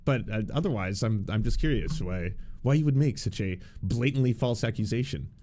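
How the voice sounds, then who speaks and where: A man's voice: lowish voice, animated, normal speed, warm tone. A man giving casual, sarcastic political commentary, often restarting his words.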